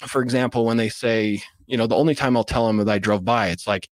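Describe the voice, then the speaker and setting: Guy talking quick, explaining cold calls like a coach, dry close sound. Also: mid-range voice, fairly even intonation, no echo. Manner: fast, coaching tone, acts out phone scripts. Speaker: real estate investor guest. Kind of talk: casual interview, explaining sales calls.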